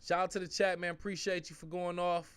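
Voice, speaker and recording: A young man hosting a live-stream sports watch-along, casual and slangy, switching between low mumbled asides and loud outbursts at the plays. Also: a little fast, clear, resonant tone. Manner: excitable, swings from mumbling asides to shouting at the game; uses slang like fam and bro.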